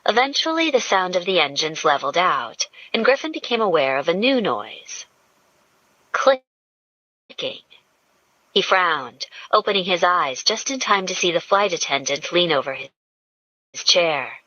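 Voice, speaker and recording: A woman narrating an audiobook in a slow, measured storytelling manner. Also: fairly low pitch, very animated, pushed and bright, no echo. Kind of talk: scripted narration. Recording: dull lo-fi dry audio.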